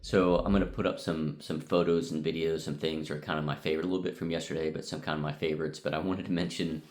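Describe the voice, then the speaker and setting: A man's voice: a bass voice, little pitch movement, fast, darkish tone. A middle-aged man from the United States recording a casual vlog recap in his hotel room, talking in a rambling way with many ums and uhs. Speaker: vlogger.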